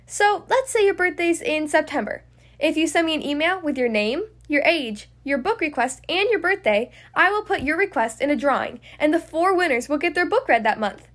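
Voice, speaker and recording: High-voiced woman reading a children's storybook. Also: lively intonation, normal speed, fairly bright tone. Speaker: podcast host and storybook reader.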